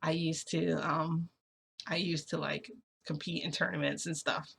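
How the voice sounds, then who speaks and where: A woman's voice: deep voice, little pitch movement, measured pace, gravelly, a bit bright, husky. A young woman vlogger telling a story in a rambling way, full of fillers and restarts. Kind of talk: storytime narration.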